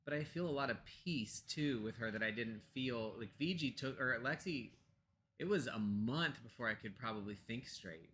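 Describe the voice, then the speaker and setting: Bright-voiced American man, rambling chat. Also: medium pitch, animated, normal speed, a little hiss or hum. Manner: rambling, with many fillers and restarts; talks softly to pets off to the side. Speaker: co-host of a pagan discussion show. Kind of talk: casual chat.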